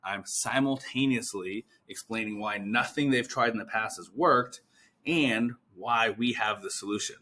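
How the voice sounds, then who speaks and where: A man's voice: fairly low pitch, a little slow, bright, forceful tone. A man coaching physical therapists on sales calls, energetically acting out both sides of example conversations. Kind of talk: instructional talk with role-played call examples.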